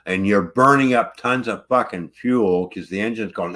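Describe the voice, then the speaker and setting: Trucker guy ranting and cussing nonstop, lowish bright tense voice. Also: unhurried. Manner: angry, swears constantly. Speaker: truck driver. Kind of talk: ranting casual livestream talk.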